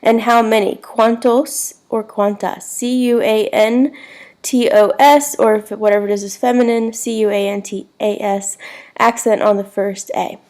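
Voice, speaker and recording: A woman, teaching a recorded lesson at a slow, unhurried pace. Her voice sits a little high, and she spells words out one letter at a time. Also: fairly even intonation, darkish tone. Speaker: Spanish teacher.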